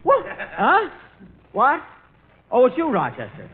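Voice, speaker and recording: A man's voice: very high-pitched, wildly swooping pitch, slow pace. A male comedy host talking in an indignant, flustered way, in an old tinny 1940s radio broadcast. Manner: indignant, flustered, then earnest appeal.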